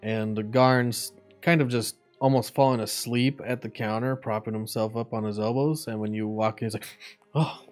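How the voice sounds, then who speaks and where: A man's voice: on the low side, fairly even intonation, moderate pace, faint music behind. A man narrating a tabletop game as game master, describing scenes casually.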